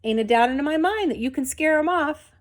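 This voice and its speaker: Woman playing a loud, bossy old country woman. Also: expressive, brisk. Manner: loud, high, scolding drawl. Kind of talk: storybook reading.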